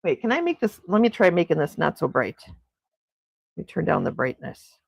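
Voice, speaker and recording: A middle-aged woman chatting warmly on a morning livestream, her voice swooping up and down with lively enthusiasm. She gushes and laughs as she reads out viewers' comments. The sound is close and dry, with no room around it. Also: fairly low pitch, moderate pace, gravelly, breathy edge, no echo. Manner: gushing, animated, laughs often. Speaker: livestream host. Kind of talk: casual chat reading viewer comments.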